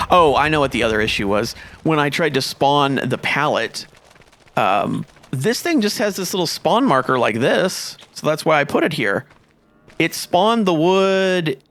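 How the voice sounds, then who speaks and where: A man's voice: medium pitch, fairly bright tone. A man giving casual gameplay commentary, thinking aloud in a rambling way and getting easily exasperated. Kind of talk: casual let's-play commentary.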